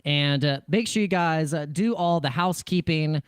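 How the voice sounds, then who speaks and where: A crypto livestream host talks in a casual, rambling way, joking, restarting sentences and laughing often. His voice is slightly high and smooth at normal speed, recorded close and dry with no echo.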